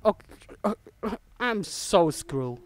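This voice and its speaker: A young man plays a horror game on his own YouTube channel, his high voice animated but slow. He's jumpy, yelping and screaming when startled, and talks to the game's characters in this let's play commentary.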